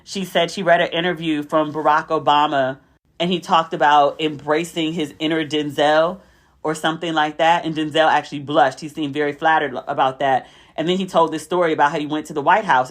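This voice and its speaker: A woman hosting a podcast, telling stories in a chatty, animated way with asides to her listeners. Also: low-pitched, a little fast. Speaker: podcast host. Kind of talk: casual storytelling recap.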